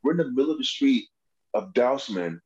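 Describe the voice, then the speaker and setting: A man's voice: mid-range voice, a little fast, dull audio. A man on a comedy podcast telling road and prison stories in casual, profane chat, acting out the voices of people in them. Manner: animated, profane, acts out quoted voices. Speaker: comedian guest.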